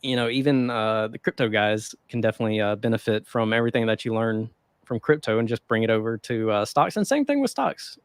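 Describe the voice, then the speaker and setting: A man's voice: fairly low pitch, animated, a little fast, smooth, dry recording. A man co-hosting a casual podcast, rambling loosely with lots of fillers and frequent chuckles. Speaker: podcast co-host. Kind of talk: casual chat about the stock market.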